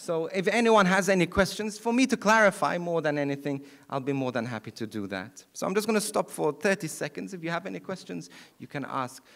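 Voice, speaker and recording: Middle-aged priest from malta giving a talk, earnest, kinda high voice, restarts a lot. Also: male voice, fairly quick, creaky, few pauses. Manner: earnest, with frequent restarts and warm laughs. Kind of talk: public talk with audience questions. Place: event hall.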